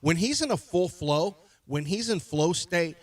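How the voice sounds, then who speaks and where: A male sports radio host with a lively, swooping delivery, constantly breaking into playful impressions of players. He sits close to a studio mic in a dry, dead room, his voice sitting a touch higher than most men's. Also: measured pace, dry recording. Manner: animated, keeps acting out players in mock voices. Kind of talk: casual sports talk.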